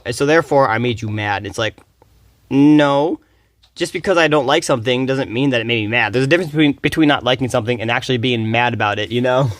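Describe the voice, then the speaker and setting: A fast, rambling male streamer, swearing freely while he talks over a game. The sound is dry and close, with hardly any room around his steady, mid-pitched voice. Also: no echo. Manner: fast-talking, rambling, profane. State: groggy from little sleep. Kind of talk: casual rambling commentary.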